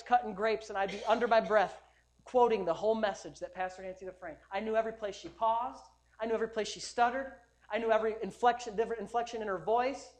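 A male pastor preaches a sermon during a church service, speaking emphatically and repetitively as he builds up to loud declarations. His voice sits high.

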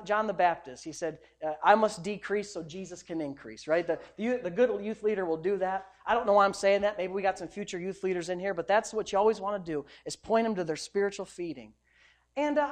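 A man, a pastor, preaching a sermon in an emphatic, conversational way, swinging between loud and soft. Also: high-pitched.

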